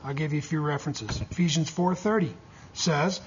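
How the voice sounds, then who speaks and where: A man delivering a sermon in a strongly husky, breathy voice that sits on the higher side for a man. He keeps checking in with his listeners and prompting their replies as he teaches. The recording sounds dull and lo-fi. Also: fairly quick. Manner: lively preaching with call-and-response checks. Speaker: pastor teaching a church class.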